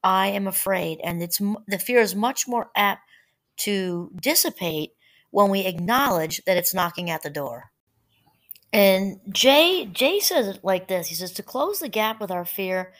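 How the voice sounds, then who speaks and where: A woman talks through mindfulness ideas in a relaxed, conversational way, breaking off for small asides and picking her thread back up. Her voice sits at an ordinary middle pitch, and she reads quoted passages in a steady tone. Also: measured pace. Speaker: podcast host. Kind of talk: casual solo talk on mindfulness. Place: home.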